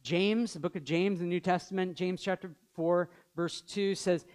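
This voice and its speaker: High-voiced, animated male preacher. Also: moderate pace, hardly any pauses. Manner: animated, jokey, acts out quoted voices. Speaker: pastor. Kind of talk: sermon.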